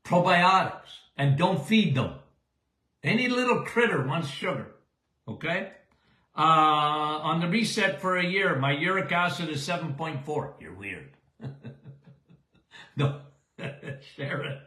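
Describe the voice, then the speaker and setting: A man's voice: on the high side, lively intonation, takes it slowly, long pauses, bright, forceful tone, reverberant. An older man hosting a live Q&A show as a doctor answering listener questions, folksy and emphatic, often checking in with "okay?".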